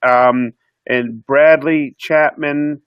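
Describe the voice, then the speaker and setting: A man from Missouri signing off as an interview guest, speaking with humble affection. His voice is a little high. The sound is dry and muffled, as on a lo-fi online call. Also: fairly even intonation, drawn-out words, smooth, no echo. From Missouri, United States. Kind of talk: casual sign-off.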